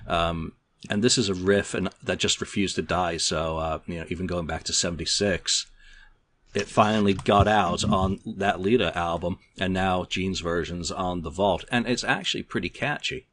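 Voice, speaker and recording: A middle-aged man hosting a casual podcast chat, his voice sitting very low. He talks in an easygoing, rambling way and hands the turns to his co-hosts. A faint hiss of noise sits under the recording. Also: normal speed. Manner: relaxed, chatty, steers the turns. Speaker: podcast host.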